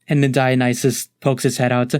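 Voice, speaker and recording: A man's voice: medium pitch, monotone, normal speed, darkish tone, smooth, no echo. Male game master, casual rambling narrator, dry close mic. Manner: casual, rambling, frequent fillers.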